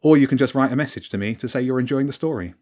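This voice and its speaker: A man who wrote the story reads his children's adventure aloud, raising his voice sharply for the characters' shouts. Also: medium pitch, racing. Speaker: author and storyteller.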